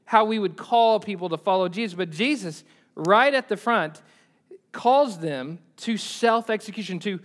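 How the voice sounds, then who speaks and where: A male pastor with a notably high voice delivers a sermon. He swings from loud, emphatic peaks down to hushed, low asides. He repeats his key lines to drive them home.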